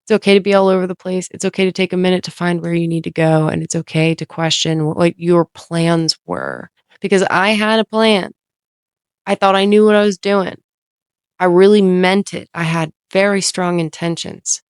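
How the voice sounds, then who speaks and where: Woman, lowish smooth voice, casual podcast storyteller; rambles, restarts, fills with "like", dry close sound. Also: fairly even intonation, normal speed, dry recording. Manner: rambling, self-interrupting, heavy use of "like"; candid, occasionally swears.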